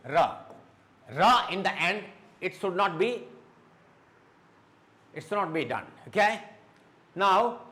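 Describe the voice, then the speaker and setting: Tutor, male, slightly high voice, drills words slowly, mixes in Hindi. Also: fairly bright tone. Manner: slow, repeats words and says okay often; mixes Hindi explanations into English. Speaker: English teacher. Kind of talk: spoken English lesson.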